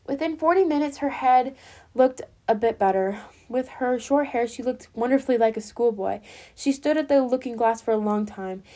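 A woman reading a classic story aloud as a storyteller, gently addressing her listeners as friends. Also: fairly high pitch, moderate pace.

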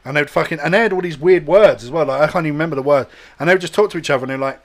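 This young man rattles off crude, rambling anecdotes with heavy swearing. His voice sits a little high for a man. He keeps breaking into goofy impressions as he tells the story. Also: racing. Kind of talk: crude casual banter.

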